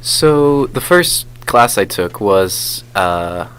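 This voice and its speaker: A man, a guest musician on a radio interview, speaking in a slow, hesitant, measured way. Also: fairly low pitch, animated, a bit bright, poor audio.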